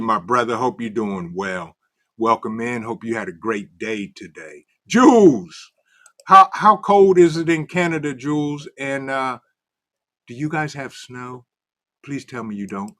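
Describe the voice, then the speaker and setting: Animated man hosting a chat stream. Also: mid-range voice. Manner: greets chat viewers by name, animated and loose. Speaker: livestream host. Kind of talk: casual livestream chat reading comments.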